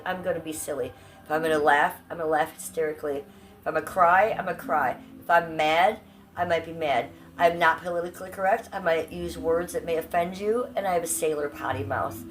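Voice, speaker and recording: A woman's voice: low voice, a little hiss or hum. A middle-aged woman from Ohio chatting casually on a live stream, blunt and profane, reading out and answering her chat. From Cleveland, Ohio, USA.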